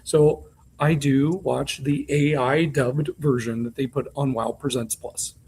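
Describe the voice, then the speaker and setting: A man's voice: mid-range voice, fairly even intonation, a little slow, darkish tone, a little hiss or hum. A man co-hosting a podcast, recapping reality TV in a chatty, candid way with frequent ums and asides. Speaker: podcast co-host. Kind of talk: casual chat recapping reality TV.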